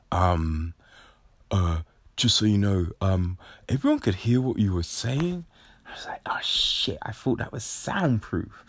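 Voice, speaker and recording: A man's voice: low-pitched, no echo. A man rambling through a funny personal story in casual chat, full of swearing and fillers.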